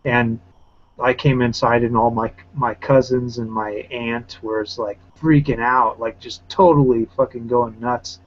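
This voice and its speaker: A man's voice: mid-range voice, fairly even intonation, unhurried. A man who teaches, chatting casually on an online call and telling loose, rambling stories full of fillers. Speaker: teacher and round table panelist. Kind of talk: casual chat. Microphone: video call. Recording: slightly muffled online call audio.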